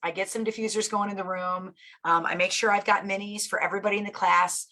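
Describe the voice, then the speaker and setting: A middle-aged woman hosting a live stream, chatting casually in an upbeat, gushing way while a bit hoarse from losing her voice. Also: medium pitch, steady tone, fast, sharp tone. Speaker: live-stream host and teacher.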